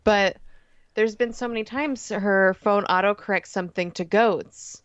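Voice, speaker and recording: Woman guest, mid pitch, dry, slightly dull sound, quick to laugh and rant. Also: clean tone, no room sound. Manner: laughing, ranting, animated storytelling. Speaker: podcast guest. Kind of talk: casual podcast chat.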